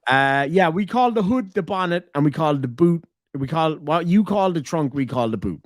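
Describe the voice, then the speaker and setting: Irish guy streaming, cursing and joking around, kinda high voice, dry close sound. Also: animated, moderate pace, no echo. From Ireland. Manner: swears a lot, teasing banter. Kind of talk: casual chat on a livestream.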